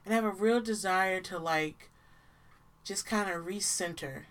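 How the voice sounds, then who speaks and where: Unhurried woman in casual podcast chat. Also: medium pitch. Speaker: podcast co-host.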